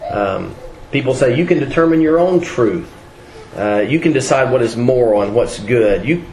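A man's voice: medium pitch, a little mellow, reverberant, slight background noise, low-quality recording. A man preaching a sermon in a conversational way, with frequent fillers and restarts.

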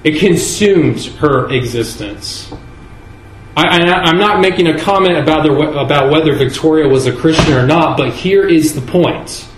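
A man preaching a sermon in a church, earnest and measured, leaning on key words with slow emphasis. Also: fairly high pitch, slight background noise. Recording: echoey room with faint ambience.

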